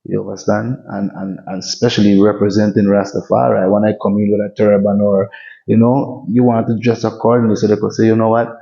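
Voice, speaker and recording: A man, a reggae artist talking casually in an interview, relaxed and given to restarts and "you know" tags. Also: fairly low pitch, brisk, gravelly. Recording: muffled lo-fi audio.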